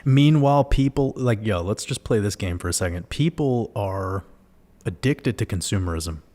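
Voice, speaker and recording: Man, low voice, livestream host, casual monologue, rhetorical questions, swears freely. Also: lively intonation, normal speed, dark tone.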